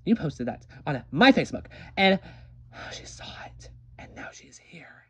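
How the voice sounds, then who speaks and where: Performer as an ostrich puppet, husky and crude, voice leaping all over the place. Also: mid-range voice, sing-song, measured pace. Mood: fed up. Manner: rambling, crude, joking. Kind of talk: comedic puppet-show acting.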